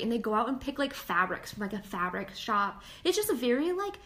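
A woman's voice: fairly high pitch, a little fast. Chatty young woman, casual podcast. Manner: chatty, many "like" fillers, animated retelling. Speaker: podcast co-host. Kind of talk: casual chat.

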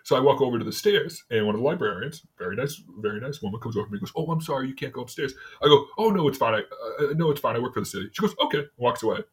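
A city worker appearing as a podcast guest chats casually, telling rambling stories with many restarts and frequent laughter. His mid-range voice is animated and very fast with few pauses and a breathy edge.

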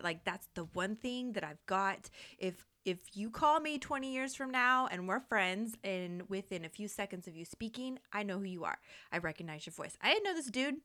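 A young woman hosting a podcast, telling a story in a casual, animated way, laughing often and swearing freely. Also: medium pitch. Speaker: podcast host.

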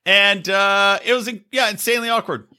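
A man's voice: sits high, fairly even intonation, normal speed, sharp tone. A man hosting a podcast, telling profane stories and teasing his co-host, laughing often. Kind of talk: crude casual banter.

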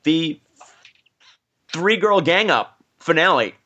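Animado presentador de pódcast, voz brillante. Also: male voice, fairly high pitch, slow pace, highs cut off. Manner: animated, joking, laughs often. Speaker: podcast host. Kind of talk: casual movie-review chat.

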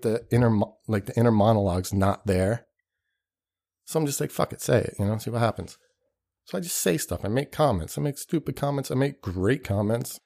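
A man's voice: mid-range voice, a little mellow. A man hosting a podcast, rambling in a casual, profane, self-deprecating monologue and acting out the people he quotes. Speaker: podcast host.

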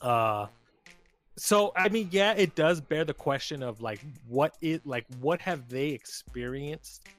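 A man's voice: fairly high pitch, animated, slow pace, fairly bright tone, soft background music. A man co-hosting a casual podcast, telling a story animatedly with slang and plenty of swearing. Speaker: podcast co-host. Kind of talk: casual chat.

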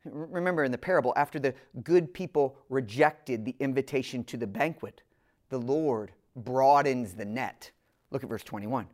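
A woman's voice: rumbling low, darkish tone. Earnest woman preaching a sermon. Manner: earnest, emphatic, slows down on key phrases; direct address to listeners.

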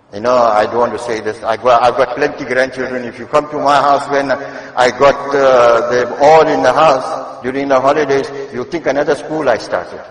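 An older man giving a Friday sermon in a mosque, moving from quiet asides to loud, emphatic exhortation and wry teasing of the congregation. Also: medium pitch. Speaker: mosque preacher. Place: mosque prayer hall. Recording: echoey hall with long reverb.

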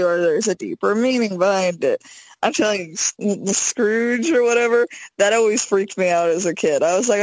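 A woman co-hosting a podcast, chatting casually and animatedly, often slipping into high quoted voices. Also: moderate pace, no echo, rough recording. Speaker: podcast co-host. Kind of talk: casual chat.

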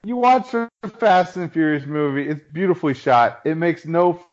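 A man's voice: fairly high pitch, expressive, moderate pace. A man joins a casual podcast chat from home over a phone hotspot, and the connection sounds dull and lo-fi. He talks emphatically and swears freely as he builds up to his point. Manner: emphatic, profane, building up to a punchline. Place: home outside a big city, on a phone hotspot. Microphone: remote call over a phone hotspot. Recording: dull lo-fi online call.

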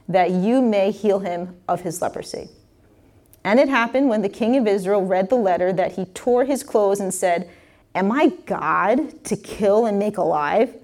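A woman's voice: medium pitch, dark tone. A woman preacher reading a scripture passage aloud and explaining it in a casual, conversational way with frequent restarts.

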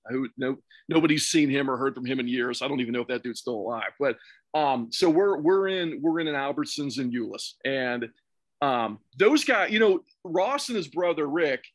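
A man's voice: mid-range voice, no echo, studio quality. A man casually telling a long, profane story on a podcast, rambling through restarts and fillers. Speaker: podcast guest or host.

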